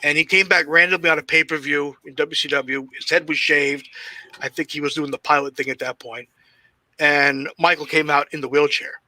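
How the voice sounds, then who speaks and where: Bright-voiced man telling profane stories. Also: fairly high pitch, steady tone, normal speed, dry recording. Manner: heavy swearing, rambling anecdotes; self-described shy and socially awkward. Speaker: guest, pro wrestler. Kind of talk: casual storytelling interview.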